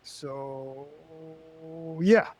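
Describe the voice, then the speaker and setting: A man in his thirties co-hosting a podcast, telling stories in casual banter and getting loud as he acts out his confrontations. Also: drawn-out words, soft background music. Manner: animated storyteller, loud and high when retelling confrontations. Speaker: podcast co-host.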